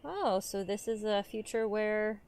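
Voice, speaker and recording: A woman's voice: mid-range voice, a little slow, darkish tone, smooth. A woman hosting a let's play, giving casual, rambling commentary with the odd swear. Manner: chatty, rambling asides with swearing.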